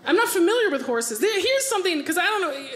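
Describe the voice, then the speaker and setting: An American woman comedian performs stand-up on a club stage, doing voices and laughing at her own jokes. Her voice is very high and fairly bright, with big pitch swings and fast delivery. The club sounds roomy, with audience laughter in the background.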